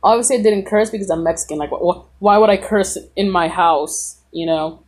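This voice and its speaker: A woman's voice: medium pitch, fairly quick, darkish tone, breathy edge. A woman casually telling a rambling personal story on a podcast, full of "like" and reenacted dialogue. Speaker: podcast host.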